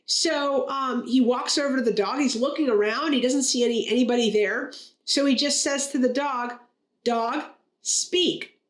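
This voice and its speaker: A woman's voice: sits high, moderate pace, roomy sound. A woman rabbi co-hosting a casual talk, chatty and playful, telling and unpacking a joke. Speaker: rabbi, co-host. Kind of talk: casual conversation.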